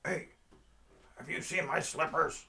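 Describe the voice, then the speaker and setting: A man's voice: on the high side, measured pace, vocal fry, bright, forceful tone, voice pushed up, exaggerated voice. A man voicing a dazed panhandler in slippers, pleading in a spaced-out way.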